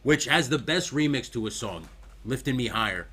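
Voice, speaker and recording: A man's voice: mid-range voice, animated, moderate pace, a bit bright. A man co-hosting a live show in crude, casual banter, laughing often and slipping into mock accents. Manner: laughing a lot, putting on joke accents.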